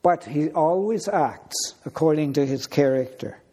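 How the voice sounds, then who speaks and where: A man preaching a sermon in a deliberate, unhurried storytelling manner. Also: fairly high pitch, warm tone, slightly rough.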